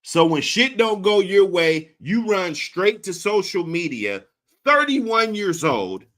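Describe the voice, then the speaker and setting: A man hosting a reaction commentary, crude, profane and animated. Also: high-pitched, slow. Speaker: host.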